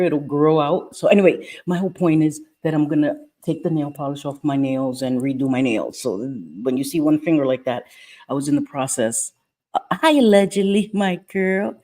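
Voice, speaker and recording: Middle-aged female streamer, low register, rambling friendly chat, hushed so as not to wake the house. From Puerto Rican heritage. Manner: chatty, greets viewers by name, rambling asides; keeping her voice down. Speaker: live-stream host. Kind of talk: casual live-stream chat. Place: at home.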